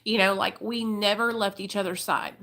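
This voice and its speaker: A woman's voice: mid-range voice, fairly even intonation, moderate pace, fairly bright tone. A woman in her thirties telling her life story to livestream viewers, chatty and emotional, swearing freely and calling them y'all. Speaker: livestream host.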